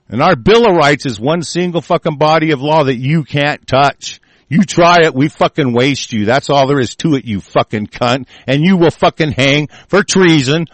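A man's voice: sits high, a bit bright, no echo. A man delivering an angry, profanity-laden monologue, swearing constantly and often breaking off and restarting mid-sentence.

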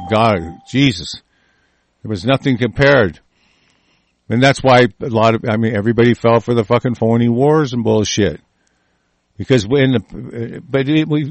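A man talking in an angry, profane monologue, swearing constantly, breaking into shouted outbursts and stumbling over restarts. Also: mid-range voice, dry recording.

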